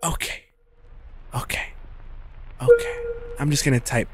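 A young man streaming a game, joking and cursing, reacting with sudden loud outbursts. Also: a little high, wildly swooping pitch, a little slow, pauses often, slight background noise. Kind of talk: gameplay commentary.

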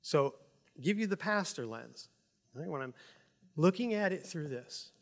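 A man preaching a sermon as pastor, emphatic and animated, swinging between loud stresses and quiet asides. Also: fairly high pitch, measured pace. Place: church sanctuary. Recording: long hall reverb.

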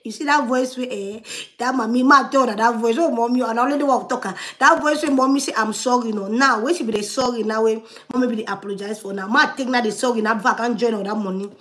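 A woman comments on a livestream in a high voice. She is animated and laughs a lot. Her tone is bright and sharp. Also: quick pace. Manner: animated, laughing, switches between loud and murmured asides.

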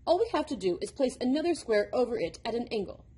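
A woman's voice: a little high, very animated, quick pace, warm tone, breathy edge, heavily acted. A woman voicing an impish, impatient male number devil who lectures like a know-it-all, in a storybook reading. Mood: lecturing.

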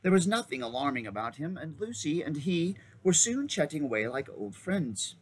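A man reading a children's novel aloud with lively, expressive storybook narration. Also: a little high, moderate pace, a little hiss or hum. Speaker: reader.

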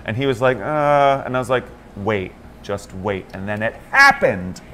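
Animated male morning-show co-host. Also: lowish voice, normal speed, slight background noise. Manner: animated storyteller, acts out quotes in other voices. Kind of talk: casual chat.

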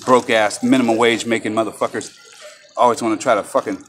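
A man with a mid-range, fairly evenly intoned voice films himself on a phone inside a large retail store, heated and profane as he talks fast in an angry confrontation. Loud store noise and ambience sit behind him.

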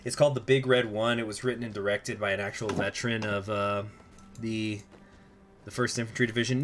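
A young man streams a strategy game live, talking in a loose, rambling way and reacting aloud as the game moves along. His voice sits at an ordinary male pitch, and faint music plays underneath. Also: a little fast, fairly bright tone.

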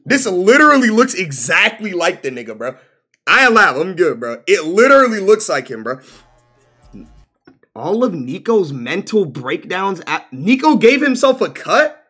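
Male streamer, casual and profane, pitch leaping up and down, slightly high voice. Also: normal speed, husky. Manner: animated, exclaiming, profane, says bro constantly. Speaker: live streamer. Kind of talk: casual live-stream reaction commentary.

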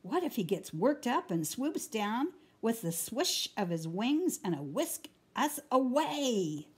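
A woman's voice: a little high, very animated, slow, slightly rough, heavily acted. A woman voicing a well-read male woodchuck in a storybook read-aloud, wailing in anxious cries. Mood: worried. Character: bookish male woodchuck, suddenly fearful.

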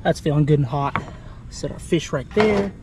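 An upbeat, chatty man vlogging outdoors on the coast, thinking aloud as he cooks and tastes. His voice sits a little on the high side for a man. A faint wash of outdoor noise sits behind him. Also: moderate pace. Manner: upbeat, chatty, talks to himself while deciding. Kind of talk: casual narration to camera while cooking.

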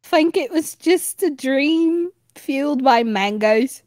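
High-voiced woman, dry close sound. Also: lively intonation, takes it slowly, a little mellow, no room sound. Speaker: tabletop game player. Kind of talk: casual chat between players.

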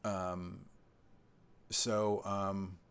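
A man's voice: sits low, little pitch movement, very slow, fairly bright tone, clear, resonant tone. A man in his sixties hosting his channel's live stream, chatting casually and reading out viewer comments with rambling asides. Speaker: channel host.

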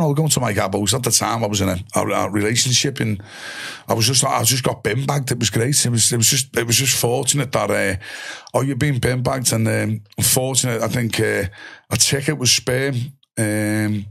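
A man's voice: mid-range voice, normal speed, vocal fry, husky. A middle-aged man with a Liverpool accent telling a rowdy story as a podcast guest, swearing freely and acting out his mates' voices. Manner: animated, swears freely, acts out voices of friends. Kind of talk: storytelling in casual chat.

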